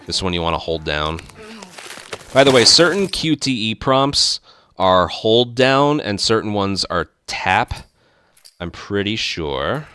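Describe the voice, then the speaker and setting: Brief: relaxed male gaming host, lowish bright voice, talks viewers through a run step by step. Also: takes it slowly, smooth, no echo. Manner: relaxed, explaining step by step with fillers. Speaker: speedrun tutorial host. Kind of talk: casual game commentary.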